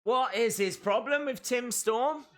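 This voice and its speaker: Excitable man reacting to wrestling. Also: very high-pitched, unhurried. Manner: excitable, bursts into shouts. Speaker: live stream watch-along host. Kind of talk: live wrestling reaction commentary.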